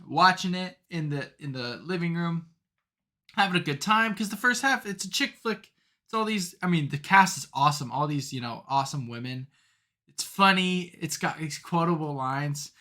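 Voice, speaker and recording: Bright-voiced young man rambling casually. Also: fairly high pitch. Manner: rambling, filler-heavy, animated storytelling. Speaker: podcast co-host. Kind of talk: casual chat.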